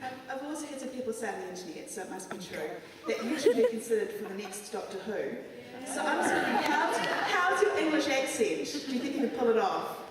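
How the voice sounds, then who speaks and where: A woman's voice: high voice, big pitch swings, quick pace. A woman from the audience asking a fan question at a convention, hesitant and giggly. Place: large convention hall. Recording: echoey hall recorded from far off, loud crowd.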